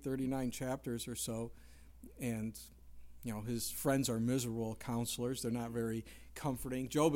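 A middle-aged man preaching a conversational sermon, dropping to hushed tones and rising into loud dramatic quotes. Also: medium pitch. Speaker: pastor.

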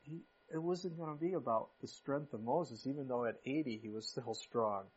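Husky-voiced preacher in his fifties. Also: mid-range voice, normal speed. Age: 50s. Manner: conversational preaching with sudden emphatic rises. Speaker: pastor. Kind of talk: sermon. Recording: muffled lo-fi recording.

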